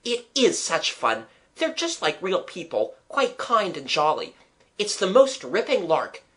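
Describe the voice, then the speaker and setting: A reader voicing a brave schoolboy who puts on a loud, hearty cheer in a storybook reading. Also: mid-range voice, sing-song, moderate pace, pitched above the performer's own voice. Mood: jolly.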